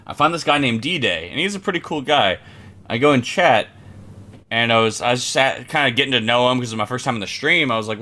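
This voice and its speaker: A man's voice: mid-range voice, bright, forceful tone. A young man co-hosting a podcast, rambling through a self-mocking story in casual chat. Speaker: podcast co-host.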